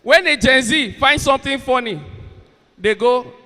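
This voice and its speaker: High-voiced comedian MC in a hall. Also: male voice, moderate pace, bright, forceful tone. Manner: joking, teasing, hyping up the crowd. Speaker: comedian and event MC. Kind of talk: stand-up banter and stage hosting. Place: large university event hall on stage. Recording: long hall reverb over a PA.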